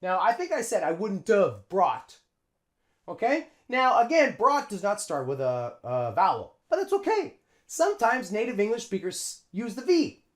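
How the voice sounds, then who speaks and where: A man teaching English pronunciation in a lesson, repeating phrases slowly to model how sounds link. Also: sits high, huge pitch swings. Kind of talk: explanatory lesson with spoken examples.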